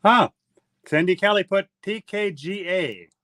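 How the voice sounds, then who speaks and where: A man's voice: sits high, measured pace, fairly bright tone, no room sound, clean studio sound. A man, co-host of a casual chat show, reading out viewer comments and making joking asides. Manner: reads comments aloud, jokey asides.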